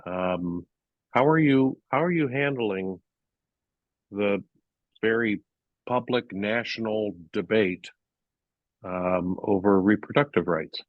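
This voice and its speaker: A man's voice: lowish voice, takes it slowly, long pauses, no room sound. A man moderating a video call, asking a question with many hesitations. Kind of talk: casual video-call chat. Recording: tinny phone-like call audio.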